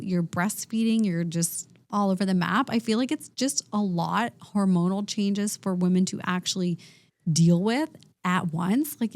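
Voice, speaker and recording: A woman's voice: medium pitch, a little mellow, dry recording. Frank, chatty woman podcast host. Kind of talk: casual podcast chat.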